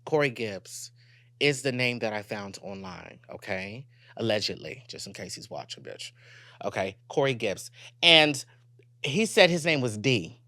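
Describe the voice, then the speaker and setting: A young man hosts his own podcast and tells a personal story with blunt, profane candor. He keeps turning to his listeners, dropping low and hushed and then rising sharply. The recording is dry and close, with no room sound. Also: measured pace, no room sound. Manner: animated, candid and profane, addresses listeners directly. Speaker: podcast host.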